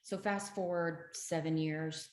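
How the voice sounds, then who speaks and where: A middle-aged woman with a low voice tells her story as an interview guest, earnest and emphatic. The sound has a roomy echo around it. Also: fairly even intonation, slow.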